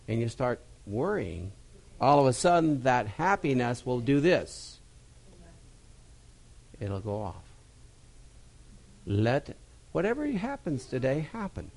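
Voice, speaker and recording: A male pastor preaching a sermon in a folksy, personal way, repeating key phrases and swinging from loud emphasis to quiet, low asides. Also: very animated, slow pace, pauses often.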